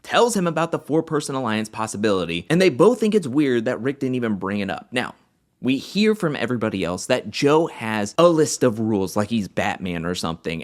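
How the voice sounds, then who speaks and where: A man hosting an animated episode recap, telling the story in a casual way and acting out the quotes. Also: mid-range voice. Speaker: recap host.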